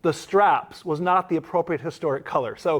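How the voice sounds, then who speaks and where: A man's voice: fairly high pitch, brisk, noisy background. A man from the United States who interviews casually, asking curious questions and laughing easily. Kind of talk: casual conversation.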